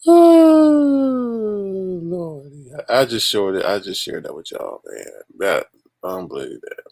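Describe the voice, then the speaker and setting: Gravelly, animated man hosting a livestream. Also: high-pitched, takes it slowly, pauses often, dry recording. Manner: exasperated, laughing, talks to chat as "y'all". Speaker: livestream host. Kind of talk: casual livestream chat.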